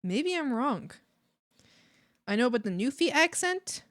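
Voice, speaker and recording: A Canadian woman streamer chatting casually with viewers while she draws, giggly and animated, often laughing. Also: high-pitched, measured pace.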